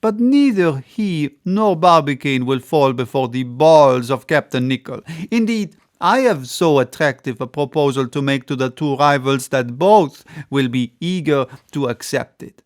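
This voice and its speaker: A man voicing a lively, persuasive French adventurer in an audiobook, eager and coaxing. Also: mid-range voice, measured pace, few pauses, natural voice. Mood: urgent.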